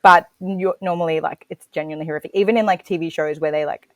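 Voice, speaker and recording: A young woman with an Australian accent, talking casually with many fillers and quick laughs. Her voice sits a little low. The sound is close and dry. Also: fairly even intonation, dry recording. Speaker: podcast guest. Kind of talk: casual chat.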